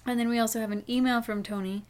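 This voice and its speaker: A woman's voice: a little high, steady tone, fast, darkish tone. Playful teasing woman podcast co-host. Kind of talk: casual chat.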